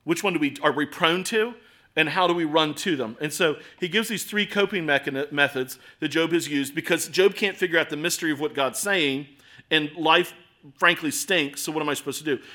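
A man in his forties preaching a sermon in a conversational, self-deprecating way, with swings between loud and soft. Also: a little high, a little fast. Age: 40s. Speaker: pastor.

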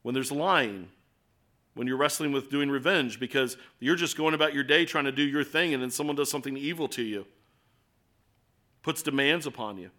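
A man's voice: mid-range voice, normal speed, bright, forceful tone. A man with an American accent preaching a sermon in an earnest, conversational way, full of rhetorical questions. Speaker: pastor.

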